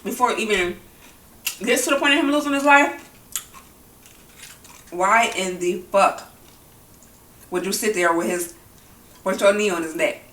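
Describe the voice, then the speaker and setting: A woman's voice: mid-range voice, unhurried, long pauses, fairly bright tone, recorded from a distance. Heated, profane woman vlogger, echoey room. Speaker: mukbang vlogger. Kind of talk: angry opinion talk while eating.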